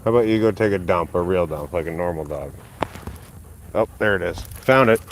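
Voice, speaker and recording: This dog owner has a low voice, lively intonation, and talks a little fast while streaming a live walk with his big dog down a street. Holding his phone, with faint outdoor noise behind, he swears loosely, keeps his muttered asides low, and jumps high into bright praise when the dog is good.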